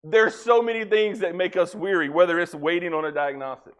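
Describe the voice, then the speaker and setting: A pastor preaching a folksy sermon, joking with the congregation and acting out little dialogues. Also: male voice, high-pitched, fairly even intonation, fairly quick, a bit bright.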